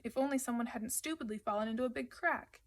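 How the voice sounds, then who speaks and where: A woman voicing a cranky, hungry young boy who complains loudly and cracks jokes. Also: on the high side, fast talker, close to an everyday voice. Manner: whiny and loud.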